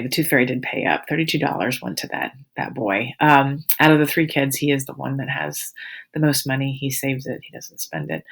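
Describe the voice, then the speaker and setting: A woman's voice: rumbling low, creaky, breathy edge. A woman in her forties, a teacher, telling her students a rambling, amused story in a casual, chatty way.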